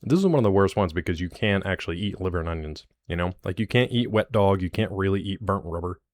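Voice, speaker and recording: A man's voice: low-pitched, expressive, quick pace, darkish tone, no echo. A man streaming live, chatting loosely with his viewers in a jokey, rambling way.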